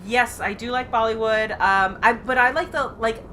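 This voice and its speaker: A woman's voice: on the high side, steady tone, normal speed, sharp tone, slight background noise. A woman co-hosting a live game stream, chatting casually and rambling with frequent restarts. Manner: rambling, self-interrupting. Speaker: stream co-host. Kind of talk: casual chat.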